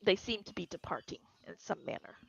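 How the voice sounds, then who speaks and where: A woman's voice: medium pitch, expressive, a little fast, gravelly, slight background noise. A woman running a tabletop game as game master, narrating descriptively with fillers and restarts. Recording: dull, lo-fi dry recording.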